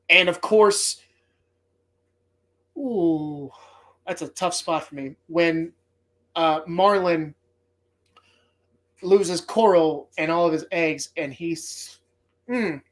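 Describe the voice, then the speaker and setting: A man hosting a movie podcast, talking casually in a rambling, heartfelt way and swearing often. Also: a little high. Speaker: podcast host.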